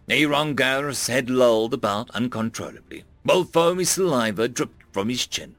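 A man narrating a gritty thriller audiobook, his gravelly voice ranging widely in pitch. The tone is bright and forward and the sound dry and close, with faint music underneath. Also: normal speed, no room sound. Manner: dramatic, expressive reading.

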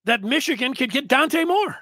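A man hosting a sports talk show, rambling in a casual monologue with sudden loud bursts. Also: extremely high pitch, lively intonation, normal speed, no echo.

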